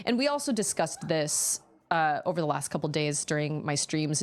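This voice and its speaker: A woman streaming a game, chatting casually and reacting with quick exclamations as she plays. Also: lowish voice. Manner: chatty, animated, quick exclamations and laughs while playing. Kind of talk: casual live-stream chat while gaming. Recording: faint game music behind.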